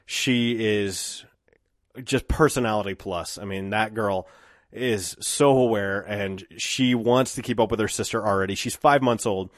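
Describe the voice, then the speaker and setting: Low-voiced man musing on his podcast. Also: dry recording. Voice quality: dry mouth. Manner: reflective, rambling with restarts. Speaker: podcast host. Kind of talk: solo podcast monologue.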